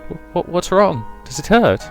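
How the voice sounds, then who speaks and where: Guy doing a sweet worried schoolgirl voice, stammery, high pitched, faint music behind. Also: big pitch swings, moderate pace, gravelly, full character voice. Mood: fretful. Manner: soft, fretful, stammering. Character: gentle caring young schoolgirl, female.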